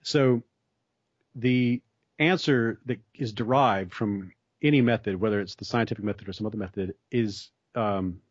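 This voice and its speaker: Low-voiced man explaining ideas thoughtfully. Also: moderate pace, no echo. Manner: thoughtful, explaining with frequent restarts. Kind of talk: explanatory conversation. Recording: dry, slightly dull sound.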